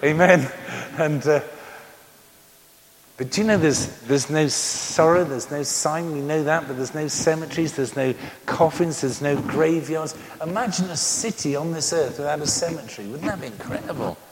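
A man's voice: fairly high pitch, moderate pace, a crowd in the background. A man in his sixties preaching a sermon, joking and telling stories between repeated amens. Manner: animated, joking storyteller with many amens. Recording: reverberant hall with faint noise.

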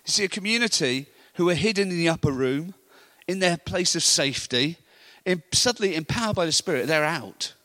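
A middle-aged man preaching a sermon, telling animated stories and laughing often. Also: fairly high pitch, a little fast.

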